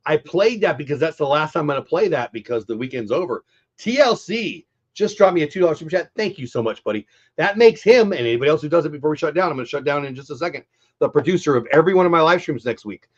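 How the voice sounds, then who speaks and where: Talking straight to his viewers in a casual post-game live stream, a middle-aged man sounds stuffed-up and congested but chatty and upbeat. His fairly high voice is animated and quick, and the audio is dull.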